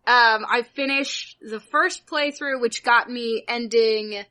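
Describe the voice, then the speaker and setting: A woman chats on a podcast with an excitable, gushing manner, piling on casual fillers as she talks. Her voice sits somewhat high and sounds bright and forward. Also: slow pace. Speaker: podcast co-host. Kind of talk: casual chat.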